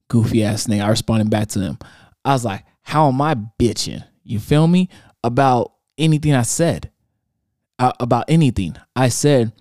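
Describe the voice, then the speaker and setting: Hosting a casual solo podcast, a young man animatedly tells the story of an online argument, reading social media comments aloud with slang and laughs. His voice sits at a medium pitch and moves at a moderate pace. The sound is studio quality with no echo.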